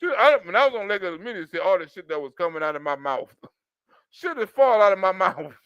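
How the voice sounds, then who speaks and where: A man's voice: sits high, sing-song, brisk, fairly bright tone, smooth, dry recording, highs cut off. A man doing comedic reaction commentary, mocking and laughing often, with street slang.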